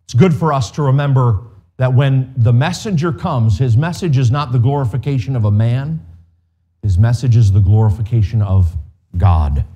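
A man preaches in an earnest, measured way, pausing to appeal directly to his listeners. His voice sits at an ordinary pitch for a man and has a mellow, dark warmth. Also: slightly rough, highs cut off. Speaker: pastor. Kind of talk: expository sermon.

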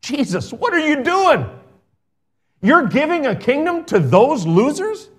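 A man's voice: extremely high pitch, big pitch swings, unhurried, pitched above the performer's own voice, exaggerated voice. A man voicing an incredulous adult man who scoffs in disbelief, as part of a sermon. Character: incredulous adult man objecting to God's generosity.

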